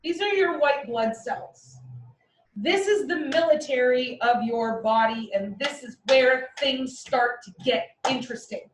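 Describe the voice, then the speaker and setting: A woman teaching a class in a playful way, with vivid comparisons and quick mock voices, recorded from across the room. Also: high voice, recorded from a distance, slight background noise. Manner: playful, uses military metaphors and mock voices. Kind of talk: classroom lecture. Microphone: far from the mic. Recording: echoey classroom recorded from afar.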